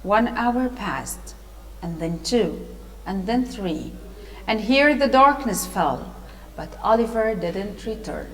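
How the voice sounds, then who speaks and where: Slow, patient Egyptian woman teacher. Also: mid-range voice, expressive, in a large hall, low-quality recording. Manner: patient, explanatory, with hesitations. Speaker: English teacher. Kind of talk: reading a storybook and explaining vocabulary.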